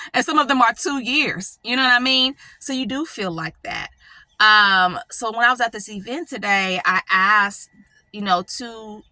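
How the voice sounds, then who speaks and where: Tearful, bright-voiced woman vlogging. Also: mid-range voice, dry recording. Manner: rambling, seeks agreement with repeated "right?" and "you know". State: emotional, close to tears. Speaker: channel host. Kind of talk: emotional personal vlog.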